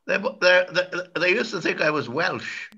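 Guest speaker, man in his 80s, wry storyteller, bright tone, dull call audio. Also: high-pitched, unhurried, gravelly, husky. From Guyana. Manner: relaxed, wry, hesitant fillers. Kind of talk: casual anecdotal storytelling.

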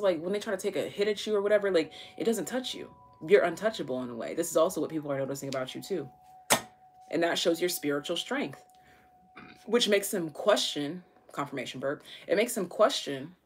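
A woman's voice: on the low side, husky. A woman giving a casual live tarot reading, chatty, with many fillers and casual swearing. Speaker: tarot reader.

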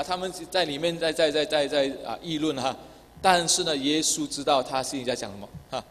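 A man preaching a bilingual sermon, speaking Chinese and then restating each point in English with a Chinese accent, filling pauses with "ah". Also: on the high side, fairly bright tone. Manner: repeats each point in English after Chinese, many filler "ah" sounds. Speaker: pastor. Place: church hall. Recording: long hall reverb.

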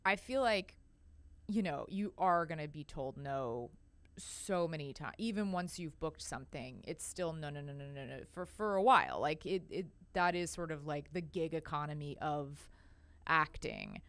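A woman speaking as a podcast guest, talking in a rambling, animated way with many fillers. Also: low-pitched, normal speed. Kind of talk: casual conversation.

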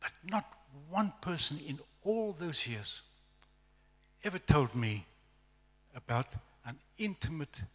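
A middle-aged man with a South African accent, telling a lively, self-deprecating testimony as a guest preacher at a church evening service. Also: a little high, slow pace. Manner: storytelling, animated, self-deprecating humor. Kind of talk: testimony sermon. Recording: echoey church hall reverb.

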